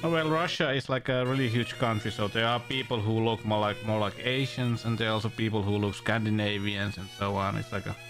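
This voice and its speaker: A man's voice: lowish voice, fairly even intonation, brisk, hardly any pauses. A male streamer giving casual, rambling commentary while playing a game. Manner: musing, rambling asides. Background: game music.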